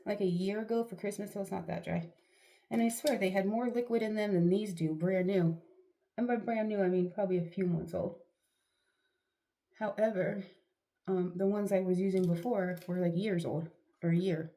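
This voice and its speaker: A woman's voice: medium pitch, moderate pace, dark tone. A middle-aged woman vlogging at home, chatting casually to camera with rambling, self-deprecating asides and a sniffly nose. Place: at home, doing a face mask.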